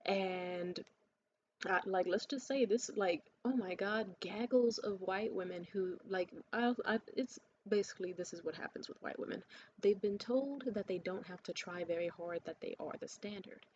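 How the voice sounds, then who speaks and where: A woman ranting straight to camera, blunt, sarcastic and full of swearing, at a middle pitch. The sound is slightly muffled, with a faint hiss underneath. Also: normal speed, a little mellow. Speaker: vlogger.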